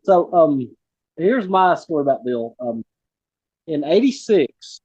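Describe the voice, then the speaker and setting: A man's voice: on the high side, big pitch swings, takes it slowly, darkish tone, no echo, highs cut off. A man in his forties hosting a casual interview, telling a rambling personal story. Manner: rambling, many fillers and restarts. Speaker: host.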